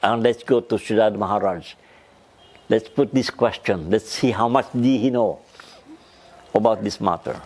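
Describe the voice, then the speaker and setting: A man, a spiritual teacher, recounting stories in a lively talk with loose grammar and many fillers. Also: unhurried, pauses often. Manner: lively retelling, shifts pitch up for quoted speakers. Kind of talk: storytelling talk.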